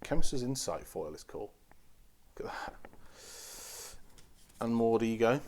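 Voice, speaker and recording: A man's voice: medium pitch, lively intonation, unhurried, darkish tone. A man hosting a casual card-opening stream, chatty and teasing as he talks to the packs. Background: crinkling foil wrappers.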